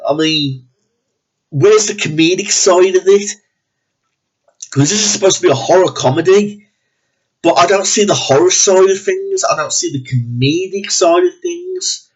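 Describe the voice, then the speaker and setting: A man's voice: on the high side, slightly rough. A man ranting bluntly and profanely in a movie review, sounding disgusted and exasperated. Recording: dull lo-fi recording.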